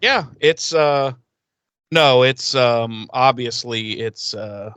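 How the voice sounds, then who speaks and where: A male podcast co-host chats in a loose, joking way, rambling and stumbling over fillers. His mid-pitched voice sounds very dry and close, with no room in it. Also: takes it slowly, fairly bright tone, clear, resonant tone, no room sound. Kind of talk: casual podcast chat.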